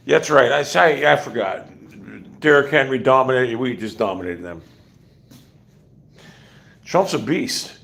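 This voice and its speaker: A man's voice: mid-range voice, lively intonation, a little slow, gravelly, long pauses, a bit bright. A man hosting a casual livestream, ranting bluntly with profanity and rambling asides. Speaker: livestream host.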